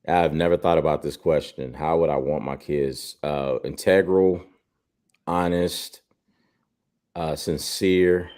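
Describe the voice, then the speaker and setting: Very deep-voiced earnest man. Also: fairly even intonation, a little mellow. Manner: earnest, reflective, halting with fillers. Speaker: guest father. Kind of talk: interview storytelling. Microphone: video call.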